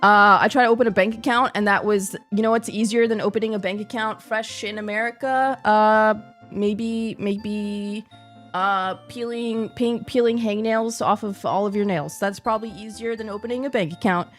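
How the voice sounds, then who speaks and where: A woman's voice: mid-range voice, steady tone, moderate pace, a bit bright, faint music behind. A young woman with a New Zealand accent, chatting casually as a streamer, telling stories animatedly with slang and frequent laughs. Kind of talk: casual chat.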